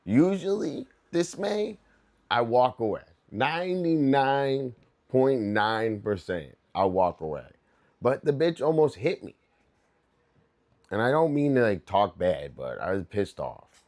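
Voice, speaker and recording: A man's voice: mid-range voice, very animated, slow, darkish tone. A young man chatting casually on a livestream as he works on his art, telling rambling stories full of swearing and loose asides. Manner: rambling, profane, loose storytelling. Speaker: artist livestreaming.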